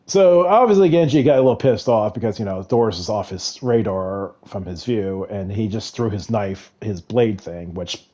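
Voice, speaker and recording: While playing a game, a streamer with a warm, mid-range voice casually retells a novel's plot, rambling, quoting the characters, and laughing often.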